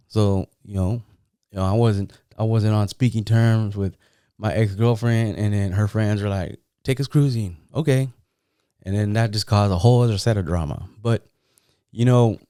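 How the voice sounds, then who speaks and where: A man's voice: lowish voice, a little slow, warm tone, clear, resonant tone, dry recording, clean studio sound. A middle-aged man from San Jose, California, hosting a podcast and telling rambling, profane, streetwise stories in a casual way. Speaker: podcast host. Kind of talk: casual storytelling.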